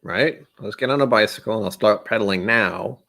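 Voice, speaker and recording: A man's voice: lowish voice, brisk, gravelly, pushed and bright. A man hosting his own vlog, rambling through casual solo musings with self-deprecating humor. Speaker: vlog host.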